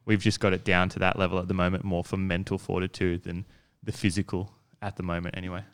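An easygoing man laying things out in relaxed conversation. His voice sits fairly low and sounds smooth and clear. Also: fast talker. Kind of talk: casual explanatory chat.

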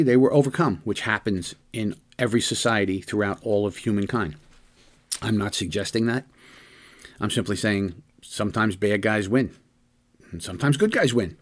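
A middle-aged man giving an impassioned opinion monologue, firing off rhetorical questions and often restarting his sentences. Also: lowish voice. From United States. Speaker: political commentator.

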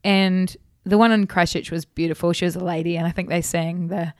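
A woman, a singer telling stories in a casual interview, animated and laughing often. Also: lowish voice, brisk, no room sound, studio quality. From New Zealand. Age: 30s. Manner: chatty and animated, laughs often, many fillers. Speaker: singer guest.

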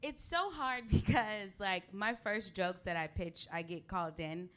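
A young woman talks on a live stage, loud, brash and full of cussing. Her voice is bright and forceful, and her pitch sits in the middle. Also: a little slow. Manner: loud, brash, profane, laughing. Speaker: comedy writer, talk show guest. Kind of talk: casual comedic chat, profane.

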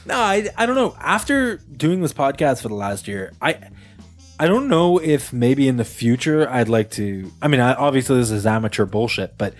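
Animated young man with a radio voice. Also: mid-range voice, moderate pace, soft background music. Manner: animated, jokey, slips into exaggerated bits. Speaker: podcast host. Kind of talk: casual podcast banter. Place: apartment.

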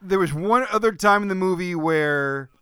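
A man's voice: sits high, normal speed, bright, forceful tone, clear, resonant tone, dry recording, studio quality. A man co-hosting a casual movie-review chat, sarcastic, swearing freely and laughing often. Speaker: podcast co-host.

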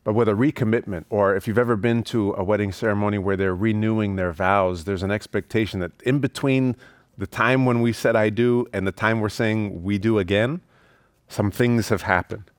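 Low-voiced man preaching in a dry room. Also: steady tone, normal speed, dry recording. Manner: casual and warm-hearted, frequent restarts and fillers. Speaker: pastor. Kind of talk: conversational sermon with storytelling.

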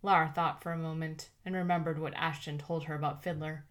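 A woman narrating an audiobook in an even, measured way. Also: low-pitched.

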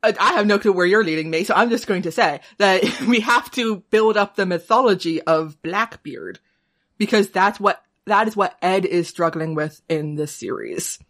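A woman co-hosting a podcast, recapping a TV series in relaxed banter and laughing often. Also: mid-range voice, moderate pace. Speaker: podcast co-host. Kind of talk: casual chat recapping a TV show.

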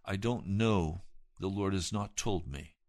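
A man preaching a sermon, retelling scripture with dramatic emphasis and swelling loud at the high points. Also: measured pace, no room sound, clean studio sound.

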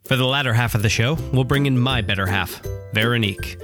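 A man's voice: medium pitch, fast talker, music in the background. A man hosting a podcast, ranting emphatically about water in a comic, repetitive way. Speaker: podcast host. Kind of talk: comic rant, casual chat.

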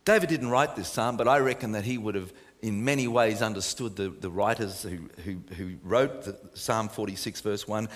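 A man preaching a sermon, moving from emphatic, raised delivery down to soft, hushed near-whispers. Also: lowish voice, normal speed, hardly any pauses, long reverb tail. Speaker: pastor.

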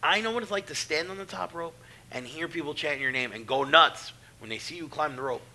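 A man's voice: fairly high pitch, brisk. A middle-aged man, a professional wrestler, telling stories in casual, profane talk and acting out the voices in them. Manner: profane, animated, acts out voices. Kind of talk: casual storytelling.

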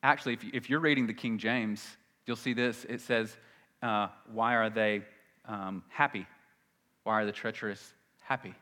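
A man preaching a sermon in a conversational way, moving from loud emphasis to quiet asides. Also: fairly low pitch, fairly even intonation, moderate pace, in a large hall. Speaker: pastor.

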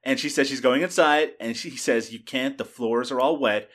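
A man's voice: medium pitch, moderate pace, fairly bright tone. A man hosting a podcast, casually recapping a film scene by scene with plenty of profanity. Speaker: podcast host. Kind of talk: casual film review chat.

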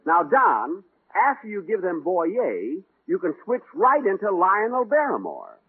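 A man's voice: sits high, wildly swooping pitch, unhurried, slight background noise. A man hosting a 1940s radio comedy, talking in an indignant, exasperated way. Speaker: comedy show host. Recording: tinny 1940s radio broadcast.

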